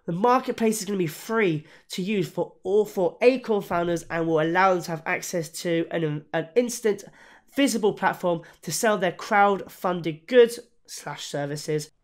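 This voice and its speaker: A YouTuber talking casually through a crypto project review, with many fillers, restarts and self-corrections, and bouts of hiccups. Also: male voice, high voice, moderate pace. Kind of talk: casual spoken review to camera.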